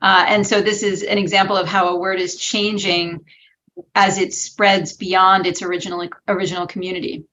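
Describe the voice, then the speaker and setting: A woman speaking as a guest expert on a webinar panel, explaining in a measured way over a video call. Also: mid-range voice, flat delivery, pushed and bright, lo-fi sound, a little hiss or hum.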